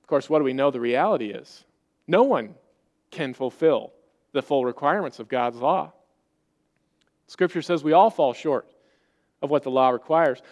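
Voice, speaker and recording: A man's voice: mid-range voice, animated, moderate pace, long pauses, a little mellow. A pastor preaching a sermon to his congregation, earnest and conversational, often posing rhetorical questions.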